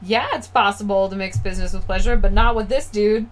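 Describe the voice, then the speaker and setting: A woman's voice: mid-range voice, steady tone, a little fast. A woman co-hosting a friendship podcast, giving blunt advice between jokes in a casual chat. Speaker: podcast co-host.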